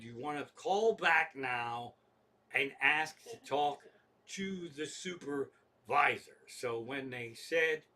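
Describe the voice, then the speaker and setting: A man's voice: on the high side, pushed and bright. A man telling a comic story, exasperated and swearing constantly as he acts out both sides of phone calls. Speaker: stand-up comedian. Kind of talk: profane storytelling rant.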